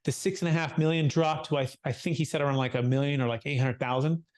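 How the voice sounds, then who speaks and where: As a guest on a podcast, this young adult tax advisor specializing in capital gains shares a client anecdote at a quick pace. His voice runs on the high side, and he performs the quotes in a lively way, filling his speech with lots of fillers.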